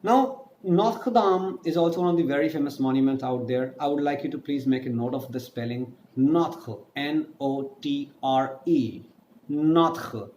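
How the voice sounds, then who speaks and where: A man's voice: medium pitch, moderate pace, hardly any pauses, dark tone, a little hiss or hum. A man teaching an online French lesson, spelling words letter by letter and drawing out each pronunciation. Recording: echoey room with faint ambience.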